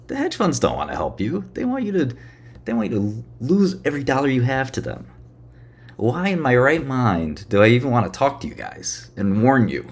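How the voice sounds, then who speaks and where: A man's voice: mid-range voice, a little mellow, husky. A man ranting sarcastically on a livestream, swearing and mocking his audience. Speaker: streamer.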